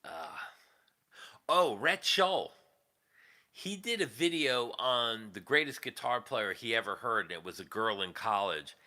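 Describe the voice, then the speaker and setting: Man, livestream host, casual rambling chat, profane, very lively pitch.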